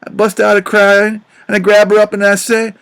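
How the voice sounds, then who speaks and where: A man doing Jim, a gravelly grieving father. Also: high-pitched, monotone, moderate pace. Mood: anguished. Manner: drawling, swells to loud outbursts. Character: grieving remorseful grown father, rough and tender. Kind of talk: audiobook character reading.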